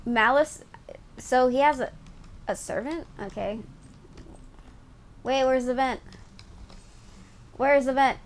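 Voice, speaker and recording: Excitable woman streamer reading game text. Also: sits high, slow, pauses often, poor audio. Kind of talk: reading a game aloud while playing live.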